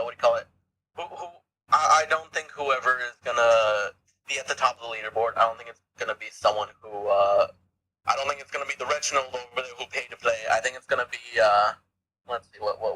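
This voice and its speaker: A man's voice: mid-range voice, fairly quick, sharp tone, low-quality recording. A man co-hosting a gaming podcast in casual chat, rambling with many stammered restarts and frequent swearing. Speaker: podcast co-host.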